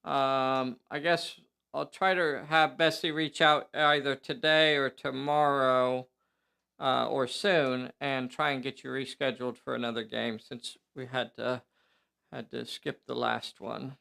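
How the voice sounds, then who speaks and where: Playful male game host, gravelly voice, announcer-style roll calls, indoor room. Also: mid-range voice, flat delivery, a little slow, bright, forceful tone. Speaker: host running a tabletop game. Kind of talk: live game show banter.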